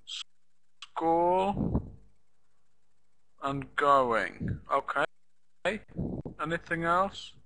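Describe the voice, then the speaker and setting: Slow, bright-voiced male teacher. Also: on the high side, lively intonation, poor audio. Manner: slow, patient, repeats example sentences. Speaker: online English teacher. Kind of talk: live online pronunciation lesson.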